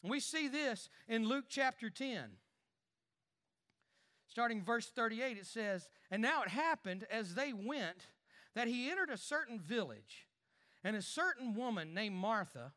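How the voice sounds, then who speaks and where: High bright guy preaching, swings way up and down, repeats himself a lot. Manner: animated preaching, repeats words, quiet asides then loud emphasis. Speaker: pastor. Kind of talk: sermon.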